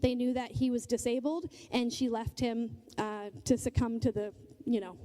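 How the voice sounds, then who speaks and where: A woman's voice: on the high side, steady tone, moderate pace, mellow. A middle-aged woman giving a conversational, earnest talk in church as a guest speaker, telling stories and checking in with the audience. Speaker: guest speaker, nonprofit leader.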